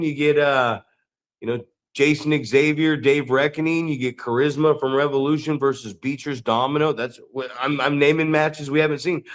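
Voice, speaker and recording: A man's voice: fairly high pitch, a bit bright. A middle-aged man who co-hosts a wrestling podcast, ranting bluntly with plenty of swearing. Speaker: podcast co-host and pro wrestler. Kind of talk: casual podcast chat.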